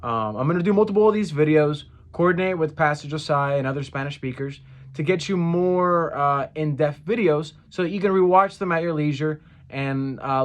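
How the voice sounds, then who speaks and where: Earnest young man teaching phrases slowly. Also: on the high side. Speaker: church language teacher. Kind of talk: casual spoken lesson.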